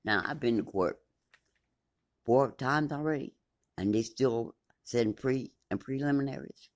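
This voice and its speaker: A woman's voice: very deep voice, measured pace. A woman telling her own court story in a blunt, indignant way, swearing freely and reading papers aloud. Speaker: vlogger recounting her court case. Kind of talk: emphatic personal account, reading documents aloud.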